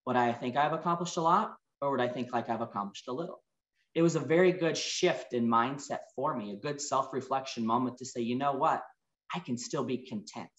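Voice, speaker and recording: Guy in his 40s giving a heartfelt talk, mid pitch, kinda echoey room. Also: fairly bright tone, lo-fi sound. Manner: earnest and emotional, storytelling with reflective pauses. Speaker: motivational speaker. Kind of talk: personal keynote talk.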